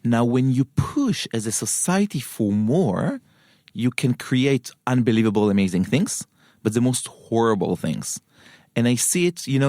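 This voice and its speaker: A man's voice: medium pitch, a little mellow, no room sound, clean studio sound. A man from Israel with an Israeli accent, a guest scholar explaining his views earnestly in an interview and often checking in with "right?". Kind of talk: interview conversation.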